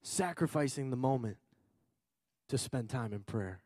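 Preaching into a handheld or stage mic in a church hall, a man is loud and excitable, swinging between shouts and quiet asides. His voice is mid-range and his pace unhurried, with studio-quality sound.

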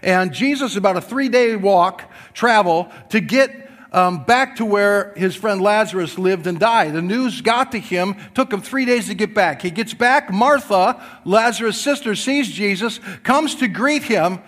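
High-voiced preacher swinging loud to soft. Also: male voice, a little slow, in a large hall. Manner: jokes with the congregation. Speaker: pastor. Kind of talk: sermon. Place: church before a congregation.

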